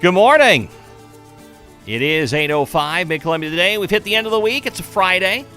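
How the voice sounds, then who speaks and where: A man's voice: high voice, animated, brisk, sharp tone, faint music behind. An older man hosting a morning radio show, reading the day's history with chatty, conversational asides. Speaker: radio host. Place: radio studio.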